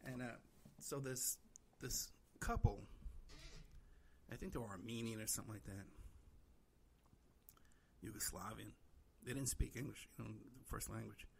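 A man's voice: on the low side, moderate pace, gravelly, a little hiss or hum. A middle-aged man hosting a podcast, telling a rambling story in casual chat, full of "you know" fillers and acting out quoted voices. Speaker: podcast host.

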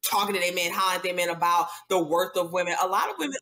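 A woman's voice: lowish voice, lively intonation, rapid-fire, sharp tone. A woman on a casual video-call panel, emphatic as she builds her argument.

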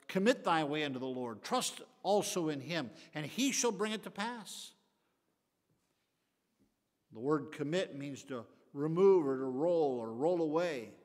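An older man, the pastor, teaching a Bible study in a folksy preaching style, rising to emphatic bursts and then dropping to quiet asides. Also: on the high side. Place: church sanctuary. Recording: long echoey hall reverb.

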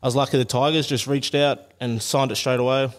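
A young man from Brisbane talks as a guest athlete about his career. He speaks in a relaxed, plain-spoken way, pausing with "um" as he goes. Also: medium pitch. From Brisbane, Australia. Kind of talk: casual chat.

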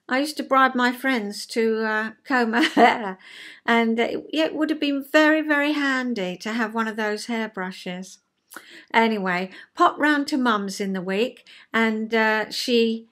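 A woman's voice: a little high, a bit bright. An older woman and retired counsellor giving a chatty, homely explanation in her vlog, full of rhetorical questions.

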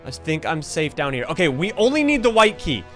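A man's voice: on the high side, sing-song, fairly quick, a bit bright, faint music behind. A young man hosting his gaming channel, giving jumpy, panicky commentary full of gasps and yelps as he plays. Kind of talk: excited gameplay commentary.

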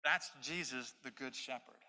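Bright-voiced male pastor preaching in a hall. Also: mid-range voice, moderate pace. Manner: expository preaching, emphatic repetition. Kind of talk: sermon. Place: church sanctuary. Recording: long hall reverb.

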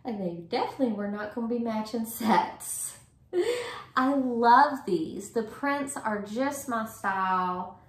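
A woman, gushing with delight in a casual vlog. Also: on the high side. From Virginia, US. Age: 30s. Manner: effusive, gushing, slow and drawn-out. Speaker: vlogger. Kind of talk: casual gift-opening vlog. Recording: roomy echo.

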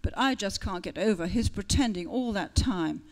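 A woman's voice: medium pitch, lively intonation, normal speed, darkish tone, voice pushed down, close to an everyday voice. A woman reading aloud, voicing a sulky, heartbroken young mermaid who pouts and speaks glumly. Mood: glum pouting. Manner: glum, pouting, tearful.

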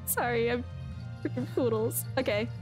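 This woman's voice is a little high and moves at a normal speed as she streams her gameplay. Her commentary is casual and chatty, full of self-talk and frequent giggles, with game music in the background.

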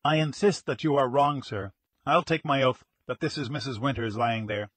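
An earnest young jewelry salesman, formal and insistent even while shaken, as an audiobook reader puts him on. His husky voice is slightly breathy and recorded dry and close. He lays out his account carefully. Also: mid-range voice, moderate pace, dry recording, lightly acted. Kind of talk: audiobook character reading.

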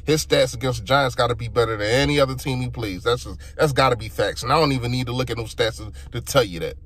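A man's voice: mid-range voice, fast talker, fairly bright tone. A young man delivers a frustrated sports opinion rant and talks straight to his listeners. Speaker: sports fan vlogger.

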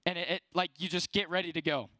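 A teenage guy preaching a youth talk in a notably high voice, chatty and loose, with "like" dropped into almost every sentence. The sound is dry and close, with no room echo. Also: fairly even intonation, fast, sharp tone. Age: late teens. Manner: conversational, fills speech with "like". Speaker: student speaker at a youth service. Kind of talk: casual youth sermon.

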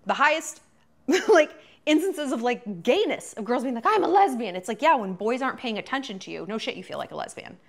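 A woman's voice: on the high side, lively intonation, a little fast. A woman host in her thirties giving a chatty, profane commentary monologue full of fillers.

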